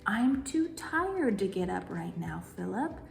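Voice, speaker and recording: A woman's voice: medium pitch, big pitch swings, unhurried, gravelly, faint music behind, full character voice. A woman voicing a lazy, sleepy male groundhog who grumbles, reading a picture book aloud. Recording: roomy echo.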